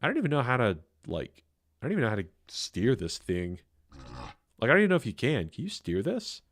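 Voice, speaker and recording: In a slightly bright, mid-range voice, a man gives live commentary on his gameplay with faint game music behind him. He meanders while thinking aloud, filling gaps with fillers and self-deprecating chatter directed at viewers.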